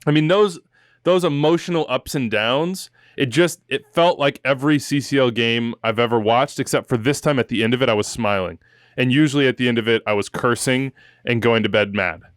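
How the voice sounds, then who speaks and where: Clear-voiced animated male podcast host. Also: medium pitch, a little fast, no room sound, studio quality. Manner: animated, emotional storytelling with joking asides. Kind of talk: soccer podcast chat.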